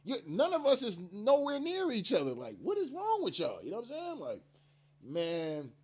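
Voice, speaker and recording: A man with a fairly high voice talks straight to his audience in a loose, profane rant. He rambles, restarts his sentences and leans hard on slang and emphasis. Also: wildly swooping pitch, normal speed, breathy edge. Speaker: commentary channel host. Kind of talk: casual profane rant to camera.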